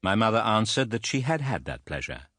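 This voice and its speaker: A man reads a classic novel aloud in a low, measured voice. His delivery is expressive, with lively swings in pitch. The recording is close and dry, with no room sound. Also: no echo. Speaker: audiobook narrator. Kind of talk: scripted narration of a classic novel.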